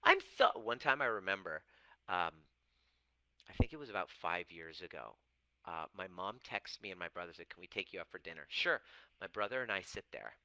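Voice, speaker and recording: A man's voice: sits low, animated, brisk, sharp tone, dry recording, poor audio. A man of Persian background talking as a coach, blunt and swearing freely, acting out quoted voices as he goes. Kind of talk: casual talk to camera.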